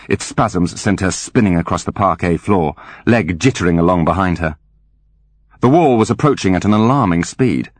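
A man narrating an audiobook with wry, animated storytelling. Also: lowish voice, normal speed, no echo. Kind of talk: scripted narration.

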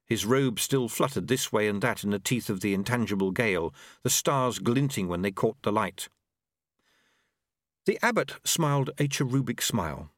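A man reading a story aloud as narrator, with expressive storytelling. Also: fairly low pitch, moderate pace, no room sound, studio quality. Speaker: audiobook narrator. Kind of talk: scripted narration.

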